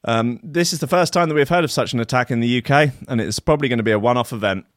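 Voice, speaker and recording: A man's voice: medium pitch, fast talker, no echo. A man hosting a show, reading odd news with sardonic, mock-outraged asides and lots of filler. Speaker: host. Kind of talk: comic news-reading riff.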